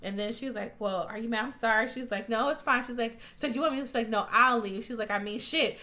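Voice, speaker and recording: A woman's voice: fairly high pitch, fast talker, few pauses, pushed and bright. Profane, chatty woman recapping a show. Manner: profane, blunt, chatty, acts out quotes. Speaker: TV recap vlogger. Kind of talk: casual recap.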